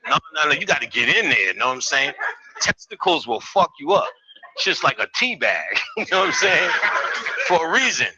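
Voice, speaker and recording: A man's voice: on the high side, big pitch swings, moderate pace, lo-fi sound. A man in his fifties giving a live lecture to an audience, joking and swearing as he riffs with the crowd. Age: 50s. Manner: profane, joking, riffing with the audience. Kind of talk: live comedic spiritual lecture.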